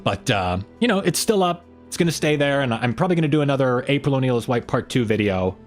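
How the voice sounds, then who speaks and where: A man's voice: medium pitch, expressive, quick pace, faint music behind. A man hosting a casual weekly livestream, rambling loosely and greeting viewers in the chat by name. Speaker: livestream host.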